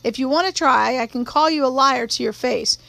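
A woman's voice: high voice, a little fast, creaky, fairly bright tone, dry recording. A woman voicing a blunt, stubborn male small-town sheriff in his forties who talks in a plain-spoken drawl. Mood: earnest.

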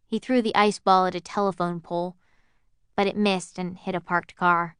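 A woman reading a first-person story aloud as an audiobook narrator, in an even, measured way. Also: lowish voice, smooth, dry recording, clean studio sound.

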